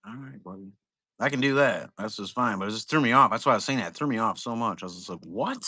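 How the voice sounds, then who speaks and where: Bright-voiced rambling middle-aged man. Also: on the low side, quick pace, breathy edge, dry recording. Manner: rambling storyteller, swears freely, laughs at his own stories. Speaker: live-stream seller. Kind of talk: casual chat. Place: at home, sitting.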